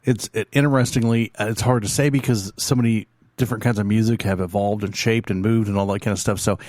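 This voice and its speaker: A man's voice: on the low side, steady tone, fast talker, a little mellow, dry recording. A man hosting a music show alone in a studio, chatting casually in a meandering, joking way with many fillers and restarts. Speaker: radio show host reviewing bands. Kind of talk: casual rambling chat.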